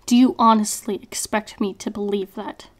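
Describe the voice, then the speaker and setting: A woman voicing a cold, menacing male interrogator who taunts in a calm, almost sing-song way. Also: medium pitch, moderate pace, close to an everyday voice.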